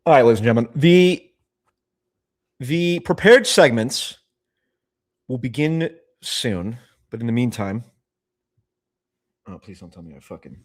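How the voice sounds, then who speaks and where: A man with a medium-pitched, animated voice hosts a casual livestream chat, speaking a little slowly with long pauses. He rambles and keeps cutting himself off mid-sentence.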